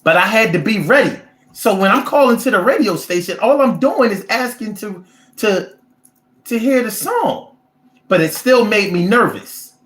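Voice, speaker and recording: A man hosting a casual show, talking to a live chat with animated, profane ranting, in a roomy-sounding space. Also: high voice. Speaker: show host. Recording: roomy echo.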